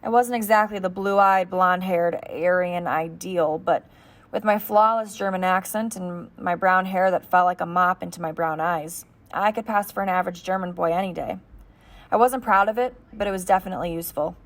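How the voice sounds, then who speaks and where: A woman's voice: on the low side, normal speed. A woman narrating an audiobook steadily in the first person as a boy.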